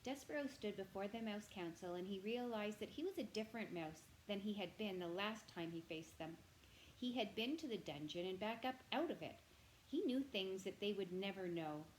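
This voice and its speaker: Gentle woman reading a storybook aloud. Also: medium pitch, normal speed, a little hiss or hum, rough recording. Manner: gentle, expressive, addresses the listener directly. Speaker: reader of a children's novel.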